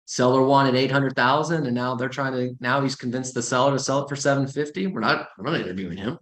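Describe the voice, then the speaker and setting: A man giving an informal training talk as a real estate coach, blunt and animated, with sarcastic asides. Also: mid-range voice, quick pace. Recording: roomy echo.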